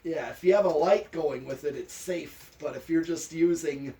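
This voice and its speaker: A man's voice: a little high, normal speed, dark tone, far from the mic. A man testing a ceiling fan, talking practically and counting settings aloud. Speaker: fan tester. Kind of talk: casual technical chat.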